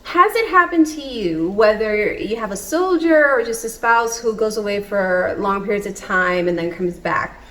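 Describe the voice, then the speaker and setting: A woman's voice: medium pitch, animated, moderate pace, a bit bright, low-quality recording. A woman in her thirties chatting in a casual home vlog from her kitchen, upbeat and laughing often. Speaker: vlogger.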